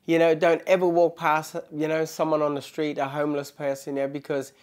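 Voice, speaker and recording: A man, a comedian guest telling stories in casual chat, animated and laughing often. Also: a little high, a little fast.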